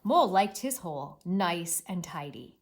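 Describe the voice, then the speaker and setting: A woman's voice: lowish voice, sing-song, unhurried. A woman teacher giving a read-aloud reading lesson, talking expressively to children.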